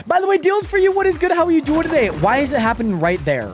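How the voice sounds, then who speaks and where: A young man chatting casually with viewers while live-streaming a game, animated and often exasperated. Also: extremely high pitch, fast, hardly any pauses, faint music behind. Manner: animated, swings between excited greetings and exasperated muttering.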